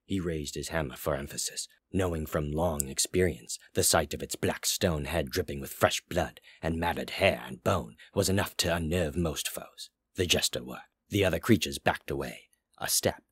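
Very deep-voiced man narrating a story. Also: normal speed, breathy edge, no room sound, clean studio sound. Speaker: story reader. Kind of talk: audiobook narration.

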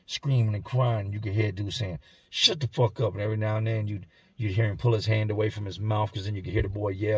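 Somber man telling a grim story, husky. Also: fairly low pitch, no echo. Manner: somber, intense, often dropping to a hush. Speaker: storyteller and channel host. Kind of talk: first-person storytelling. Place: indoors at home.

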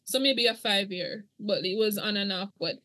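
A woman's voice: mid-range voice, normal speed, bright, forceful tone, dry recording. A middle-aged woman, earnestly telling her own story as a podcast guest. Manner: earnest, emotional, church-toned. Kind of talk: podcast interview testimony.

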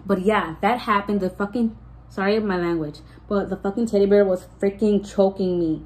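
A woman's voice: mid-range voice, fairly even intonation, moderate pace, a little mellow, low-quality recording. A pregnant young woman chatting casually to her viewers, rambling with lots of "like" and restarts and slipping Spanish words in. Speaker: vlogger. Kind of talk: casual storytime chat.

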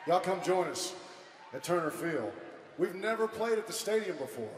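A middle-aged man leads loud, playful stage banter as a band frontman, hoarse from losing his voice. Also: high voice, expressive, normal speed, a little hiss or hum. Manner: loud, playful crowd hype. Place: large outdoor stadium stage. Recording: echoey live arena with crowd.

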